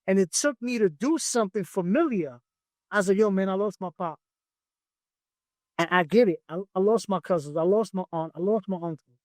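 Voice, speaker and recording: A man's voice: high-pitched, no room sound. A man, a music producer, telling stories in a casual podcast interview and acting out the studio dialogue as he goes. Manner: animated, acts out studio dialogue as he tells it.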